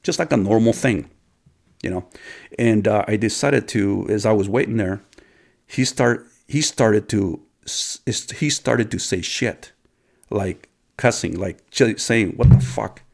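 A man's voice: on the low side, measured pace, creaky. A man telling a personal story to his viewers in a rambling, casual way, with many restarts and occasional swearing.

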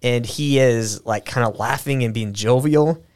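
A man's voice: mid-range voice, a little slow, darkish tone. A man hosting a podcast, talking in a loose, rambling way with restarts and fillers and plenty of swearing. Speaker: podcast host. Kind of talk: casual conversational commentary.

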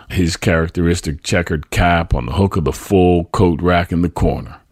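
Male memoir narrator; very low, husky, dry and close. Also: dry recording. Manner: tender, reflective storytelling. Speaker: podcast host. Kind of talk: memoir reading.

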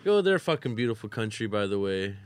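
A man's voice: on the low side, big pitch swings, fairly quick, clear, resonant tone, no echo. A man, a battle rapper, tells crude, boastful stories in casual chat at a bar. He swears freely and laughs often.

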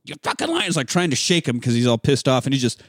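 A man casually recapping a movie with a co-host, profane and animated, acting out characters in sudden shouted voices. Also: medium pitch, fast talker, dry recording, studio quality. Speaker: podcast co-host.

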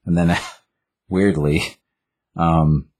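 Man, deep voice, husky, casual, rambling, animated podcast chat. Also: very slow. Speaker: podcast co-host. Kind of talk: casual comic recap chat.

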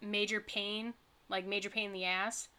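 A woman with a mid-range voice, chatting casually as a podcast co-host. She talks in a halting way and keeps restarting her sentences. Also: medium pitch, little pitch movement, sharp tone, a little hiss or hum. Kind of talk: casual chat.

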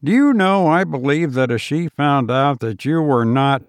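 A man's voice: a little high, expressive, moderate pace, smooth, no room sound, studio quality, voice pushed up. A man voicing a smug, sneering young schemer. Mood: mocking. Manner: mocking, light, smug.

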